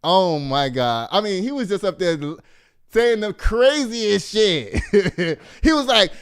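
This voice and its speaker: A man from Texas hosts a loose commentary show. His voice sits high and comes across smooth and clean. He talks in an animated, mocking way, swearing freely and laughing often. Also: slow pace. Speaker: host. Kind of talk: casual commentary.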